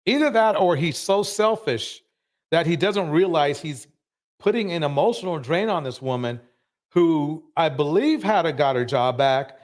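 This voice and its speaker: A man's voice: on the high side, lively intonation, moderate pace. A man hosting a live show, commenting emphatically and ranting about what he has just watched. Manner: emphatic, ranting, repeats himself.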